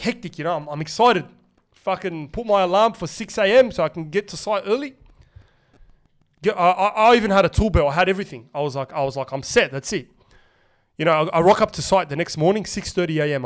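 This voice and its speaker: A young Australian man hosting a podcast, telling a story in animated, slangy casual chat full of swearing. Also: sits high. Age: young adult. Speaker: podcast host.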